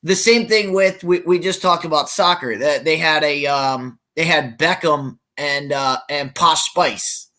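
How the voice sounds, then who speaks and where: A man's voice: a little high, a little slow, hardly any pauses, pushed and bright. A male podcast co-host in casual sports chat, rambling with many restarts.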